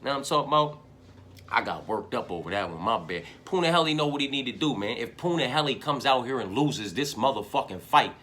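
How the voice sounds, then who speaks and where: A man giving a profane fight preview, swinging from shouted hype to low, muttered repetition. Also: expressive, a little fast, slight background noise. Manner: heavy profanity, repeats phrases. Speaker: MMA fight analyst.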